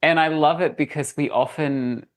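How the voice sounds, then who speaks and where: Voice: medium pitch, steady tone, normal speed. A podcast host in casual conversation, affirming the guest and laughing along. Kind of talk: casual interview chat.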